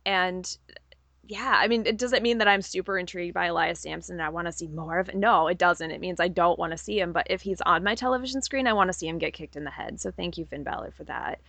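Woman co-host, gravelly fry in the voice, dry close sound, chatty and opinionated. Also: lowish voice, fast talker, a bit bright, dry recording. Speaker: podcast co-host. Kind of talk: casual wrestling recap chat.

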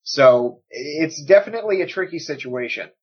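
A man co-hosting a wrestling podcast in casual chat, animated and joking, swearing freely. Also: fairly high pitch, moderate pace, husky, dull audio. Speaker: podcast co-host.

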